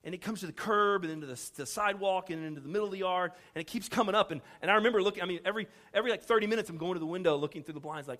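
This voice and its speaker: A man's voice: high voice, rapid-fire, few pauses, a bit bright. A middle-aged male pastor from Houston, telling a story in a sermon, acting out the dialogue with self-deprecating humor. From Houston, Texas.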